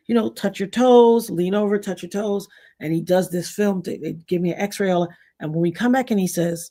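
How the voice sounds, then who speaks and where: Hosting a relaxed livestream, this middle-aged woman from New York speaks in a lowish voice. Her personal stories come out with animation as she acts out quotes and thanks the chat.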